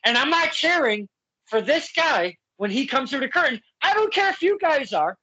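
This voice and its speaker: On a dull, lo-fi recording, a podcast host with an extremely high-pitched voice speaks at normal speed during a casual interview. He tells lively stories full of laughter, acting out quotes and the other side of the exchange.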